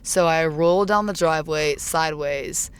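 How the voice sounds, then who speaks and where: A woman's voice: low voice, moderate pace, clear, resonant tone. A young woman, a rideshare passenger, telling a story in casual chat with plenty of swearing, voice rising sharply when she relives her anger. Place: inside a car. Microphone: handheld mic.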